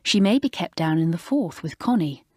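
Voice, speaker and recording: A woman voicing Sally, a teenage schoolgirl in an audiobook, confiding in a hushed half-whisper. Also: on the low side, animated, moderate pace, no echo, studio quality.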